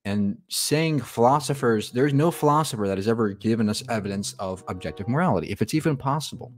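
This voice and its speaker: A man's voice: fairly low pitch, expressive, a little fast, hardly any pauses, faint music behind. A man hosting a reaction video, arguing his point with rhetorical questions and sarcasm. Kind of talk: casual argumentative commentary.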